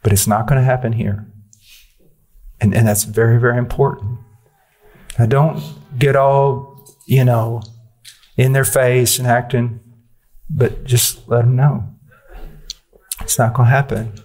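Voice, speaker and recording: A male preacher delivers a sermon in a blunt, forceful, personal manner. His voice sits at a middle pitch for a man. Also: level tone, a little slow, long pauses.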